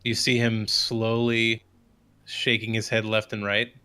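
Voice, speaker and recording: A man running a tabletop game as game master, narrating in a halting way with many restarts. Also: lowish voice, monotone, sharp tone, smooth. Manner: halting, restarts while describing.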